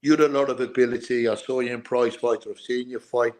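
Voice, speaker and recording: An earnest man with a mixed Irish and English accent, talking over his life in a relaxed interview. He tells his stories at length, often restarting and repeating phrases as he goes. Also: mid-range voice, fast. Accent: Irish with English mix. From Ireland. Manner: repetitive, earnest storytelling with restarts. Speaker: guest, former boxer and bodyguard. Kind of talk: casual interview chat.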